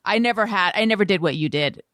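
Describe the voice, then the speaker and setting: A woman's voice: medium pitch, animated, fast talker, a bit bright, dry recording, clean studio sound. A woman hosting a podcast in casual chat, asking curious questions. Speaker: podcast host.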